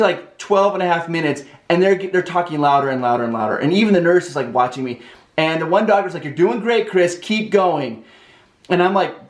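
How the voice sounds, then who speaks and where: A man with a fairly high voice tells a personal story in a loose, animated way, leaning on "like" again and again. The room around him rings with echo. He talks casually, as if to a friend. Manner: animated, with lots of "like" fillers.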